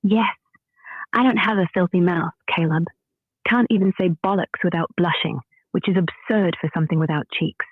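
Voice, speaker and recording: Brief: AI woman voice, calm and wry, slightly breathy, heard through a tinny phone speaker. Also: fairly low pitch, moderate pace, no room sound. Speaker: AI chat companion. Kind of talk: conversational reply.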